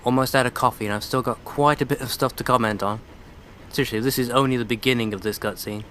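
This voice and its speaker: Man, let's play commentary, casual, sarcastic, irreverent, mid-pitched, faint background noise. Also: fairly even intonation, quick pace, fairly bright tone. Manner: sarcastic, irreverent, mocking asides.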